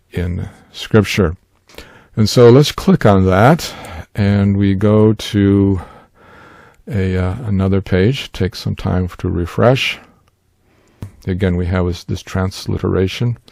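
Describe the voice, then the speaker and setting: A man, likely older, teaching in an unhurried, explanatory way with frequent fillers, in a screen-share tutorial recorded close to a desk mic. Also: sits low, creaky, darkish tone, no room sound. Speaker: Bible language teacher.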